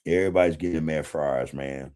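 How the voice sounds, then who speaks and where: A man's voice: a bass voice, fairly even intonation, fast talker, darkish tone. A man hosting a casual livestream, reading chat comments in a laid-back way, swearing freely and chuckling often. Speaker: podcast host reading live chat.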